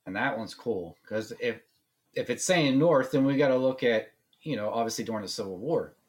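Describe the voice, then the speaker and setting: A man's voice: mid-range voice, animated, normal speed, darkish tone, slightly rough. A man co-hosting a paranormal podcast, mostly giving short agreeing replies and musing on history. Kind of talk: casual chat.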